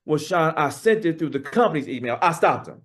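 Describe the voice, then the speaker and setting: A man's voice: on the high side, expressive. A man doing a trembling, embarrassed employee. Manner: trembling, hushed, halting. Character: nervous embarrassed male employee.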